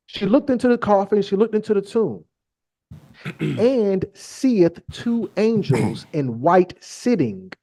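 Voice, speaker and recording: A man hosting a podcast, reading Bible verses aloud and riffing on them in slangy, irreverent comic asides, often halting on fillers. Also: high voice. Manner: irreverent, slangy, animated storytelling. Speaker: podcast host.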